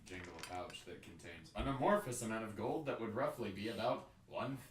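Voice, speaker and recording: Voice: medium pitch, expressive, fairly quick, reverberant, slight background noise. A player in a tabletop role-play game, making dry, joking asides.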